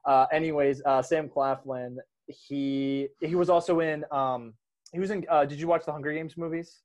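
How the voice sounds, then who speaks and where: Brief: male host, slightly higher voice, loose and animated, laughs easily, casual movie chat. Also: normal speed. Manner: animated, laughs often, trails off and restarts. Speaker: podcast host.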